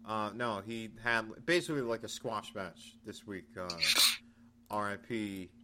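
A man chats loosely on a podcast, running through news points at an easy, conversational pace. Crowd noise sits clearly in the background behind his voice. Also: on the low side, unhurried. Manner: chatty, recaps news in a relaxed way. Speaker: podcast co-host. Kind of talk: casual chat.

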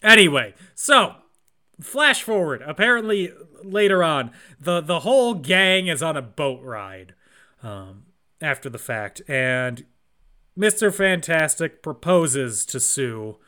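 A man's voice: fairly high pitch, very animated, takes it slowly, pushed and bright. A man co-hosting a podcast, retelling a film plot casually with sarcastic jokes. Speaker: podcast co-host. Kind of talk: casual movie recap chat.

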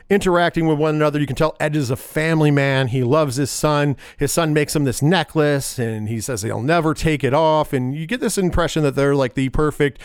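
A man talks through a film's plot in a loose, rambling way. He jumps off on side thoughts and corrects himself, with wry, profane asides. His voice sits a little high, and the sound is dry and close. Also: no room sound. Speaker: movie reviewer. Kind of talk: casual film recap.

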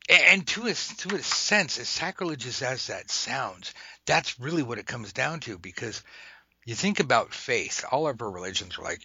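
A man hosting a tarot lesson in casual chat, animated and irreverent, swearing and slipping into whispered asides. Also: medium pitch, moderate pace, vocal fry, breathy edge, dry recording. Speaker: tarot teacher and podcast host. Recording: dull lo-fi recording.

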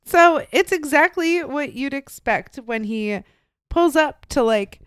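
A young woman co-hosting a podcast, telling a true-crime story in casual, animated chat, swearing freely and acting out the people in it. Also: high-pitched, takes it slowly, no echo, clean studio sound. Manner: animated, profane, acts out quoted voices. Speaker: podcast co-host.

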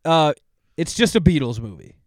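A man's voice: fairly high pitch, sing-song, moderate pace, dry recording, clean studio sound. A young man co-hosting a podcast, chatting casually and swearing freely as he retells movie plots with plenty of fillers. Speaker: podcast co-host.

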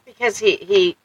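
A woman's voice: medium pitch, fairly bright tone, husky, no room sound, poor audio. A woman co-hosting a podcast, trading crude jokes in comedic banter and laughing often. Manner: bawdy, giggly, joking. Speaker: podcast co-host.

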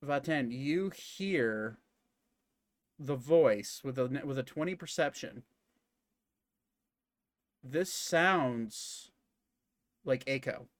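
A man running a tabletop game, narrating casually with stops and fillers. His pitch sits in a middle range, and the sound is dry and close. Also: expressive, drawn-out words, long pauses, dry recording. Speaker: game master.

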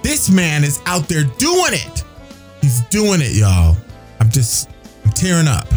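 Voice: medium pitch, huge pitch swings, takes it slowly, darkish tone, soft background music. A radio host chatting casually on air, emphatic and preachy, repeating phrases for effect.

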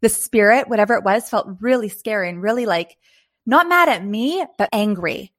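A woman in her thirties from Canada, a podcast host telling a personal story in a casual, animated way. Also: medium pitch, normal speed. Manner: animated, rising to near-shrieks in scary moments.

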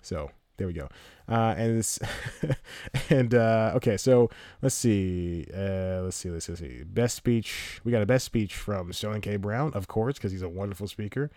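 Guy rambling on his podcast, kinda low voice, laughs a lot, dry close mic. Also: a little slow, warm tone, no room sound. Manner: rambling, laughs often, loses his train of thought. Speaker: podcast host. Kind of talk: casual solo podcast talk.

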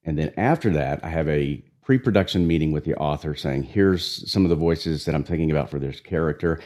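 Man with a deep raspy voice, really low and mellow, talks easy and loose. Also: brisk. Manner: relaxed, talkative, with restarts. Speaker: audiobook narrator. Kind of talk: conversational interview.

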